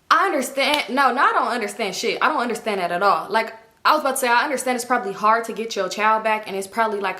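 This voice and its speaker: A young woman rattles through a storytime at a quick clip, her voice sitting a touch high. She keeps switching into the voices of the people in her story. Her delivery is gossipy, and she swears without a second thought. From Los Angeles area. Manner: animated gossipy storytelling, acts out quoted dialogue, swears freely. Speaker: vlogger. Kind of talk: casual storytime.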